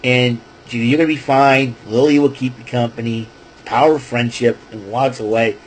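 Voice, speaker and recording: A man casually rambling through a wrestling show recap, excitable and correcting himself as he goes. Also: medium pitch, normal speed, slight background noise, rough recording. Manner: excitable, self-correcting, chatty asides.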